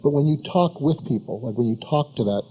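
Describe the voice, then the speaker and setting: A man speaking as a radio show guest, soothing and calm, often halting and restarting his sentences. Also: medium pitch, husky. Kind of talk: casual radio interview. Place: radio studio.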